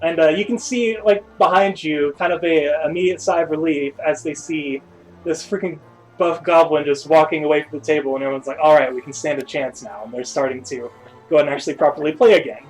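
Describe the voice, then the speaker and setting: A man's voice: on the high side, fairly even intonation, fast talker, faint music behind, poor audio. A man narrating a tabletop game as game master, rambling with lots of hesitations. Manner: rambling, full of uhs and restarts.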